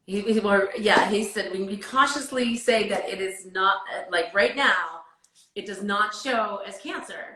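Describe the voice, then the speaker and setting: Bright-voiced woman talking with heartfelt earnestness. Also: medium pitch, unhurried, roomy sound, rough recording. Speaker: guest singer. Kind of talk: emotional casual chat about faith. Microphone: video call.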